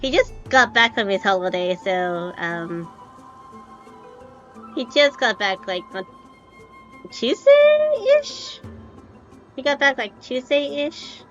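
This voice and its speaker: A woman's voice: medium pitch, unhurried, pauses often, sharp tone, lo-fi sound, soft background music. A young woman streaming a game, chatting casually in a rambling, hesitant way with lots of fillers. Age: young adult.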